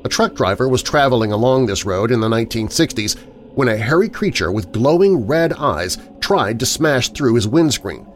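A man reading a scripted documentary narration in a measured, dramatic storytelling manner. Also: mid-range voice, expressive, soft background music.

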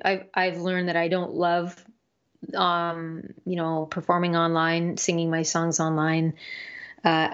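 A woman with a lowish voice talks through her music career in a relaxed interview, pausing often with fillers and starting over mid-sentence. The sound is slightly dull and lo-fi. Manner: hesitant, many fillers and restarts. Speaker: musician guest. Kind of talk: casual interview talk.

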